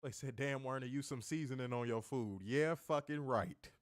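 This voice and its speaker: A man co-hosting a wrestling review stream, talking in a loose, joking way and swearing freely. His voice sits at an ordinary middle pitch, and the sound is dry and close, with no room around it. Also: moderate pace, no room sound. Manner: loose, joking, reads chat comments, summarizes show. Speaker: podcast co-host reviewing wrestling. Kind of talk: casual profane review chat.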